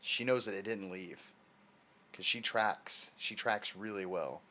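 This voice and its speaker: A man's voice: lowish voice, a little slow, sharp tone. A man chatting casually on a live stream in a rambling way, answering viewer messages from his desk at home.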